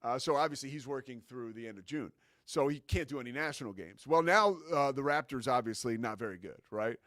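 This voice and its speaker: A man's voice: mid-range voice, a little fast, fairly bright tone, no room sound, studio quality. A man hosting a sports talk show, talking about broadcasting in an enthusiastic, casual way with many fillers.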